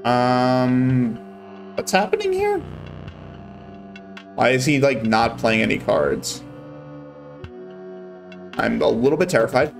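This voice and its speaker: A man's voice: mid-range voice, fairly even intonation, takes it slowly, creaky, pauses often, soft background music. A young man casually commenting on gameplay on a live stream, wry and a bit exasperated.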